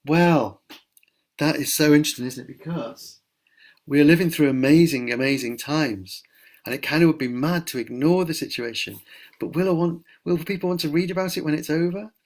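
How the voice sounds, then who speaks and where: A man's voice: a little high, normal speed. A middle-aged man, a children's author, chatting enthusiastically at home as he answers readers' questions on a live stream. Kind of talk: casual live Q&A. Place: at home during lockdown.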